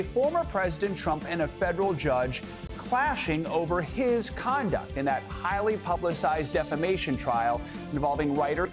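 A male morning news anchor with a lively, animated delivery and a fairly high voice. He reads headlines over clearly audible theme music and slips into easy banter.

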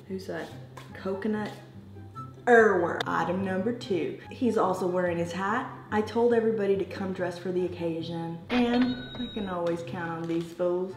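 A woman's voice: lowish voice, normal speed, echoey room, music in the background. A woman with an American accent hosting a casual taste-test vlog, chatting straight to her viewers. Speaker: vlogger.

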